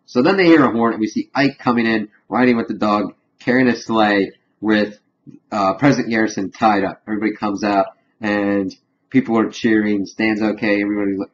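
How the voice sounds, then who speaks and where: A man reviewing a cartoon episode in a casual spoken recap, retelling it animatedly and dipping quiet then loud. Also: lowish voice, fairly even intonation, a little fast. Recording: dull lo-fi with faint hum.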